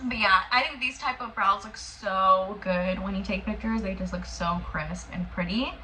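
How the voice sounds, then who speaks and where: A woman's voice: mid-range voice, steady tone, moderate pace, pushed and bright, slight background noise. A young woman vlogger talking casually to the camera in a chatty, effusive way, indoors at home. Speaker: beauty vlogger.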